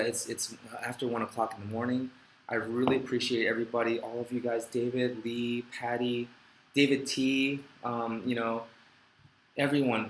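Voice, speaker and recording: A man's voice: mid-range voice, echoey room, a little hiss or hum, poor audio. A middle-aged man hosting a live question-and-answer stream, reading viewer comments aloud and talking in a heartfelt, rambling way with self-deprecating jokes. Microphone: desk microphone.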